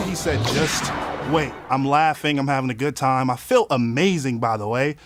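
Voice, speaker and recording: A man with a fairly high voice tells a wild personal story, animated and loose, swearing freely as he acts out his own lines. Faint music plays underneath the whole time. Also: normal speed. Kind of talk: casual storytelling.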